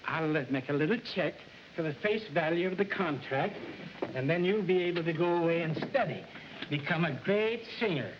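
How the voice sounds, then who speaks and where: An actor playing a flustered record company boss who blusters and fawns in a 1940s film. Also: male voice, fairly high pitch, moderate pace, lightly acted. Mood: fawning. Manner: blustering, then fawning. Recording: dull old film soundtrack with hiss.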